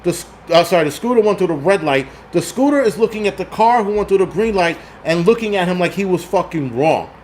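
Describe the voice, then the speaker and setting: A middle-aged man hosting a live stream, ranting angrily with heavy swearing, reading chat, swinging between shouting and muttering. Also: high-pitched, lively intonation, fairly quick, few pauses, slight background noise. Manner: angry, swearing, reads chat. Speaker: livestream host. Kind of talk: profane live-stream rant.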